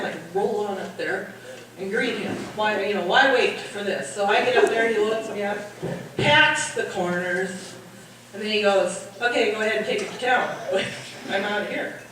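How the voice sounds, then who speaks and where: A middle-aged woman telling a funny farm story live at a party, acting out the men's shouting. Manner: animated, acts out the men's shouting in a higher voice. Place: hall at a holiday party. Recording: echoey hall, mic at a distance, audience noise.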